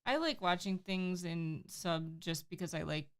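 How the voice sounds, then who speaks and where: A woman co-hosting a casual livestream, relaxed and teasing, reading chat aloud. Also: lowish voice, unhurried. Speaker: livestream co-host.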